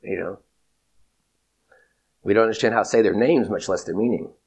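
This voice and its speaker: A man giving a theology lecture in a measured, emphatic way, repeating his key points. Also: on the low side, a little mellow. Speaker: teacher.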